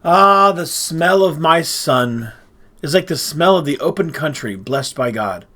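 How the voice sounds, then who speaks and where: A man's voice: a little high, expressive, measured pace, sharp tone, heavily acted. A man reading aloud and voicing an old blind father who questions anxiously in a raised voice. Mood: solemn.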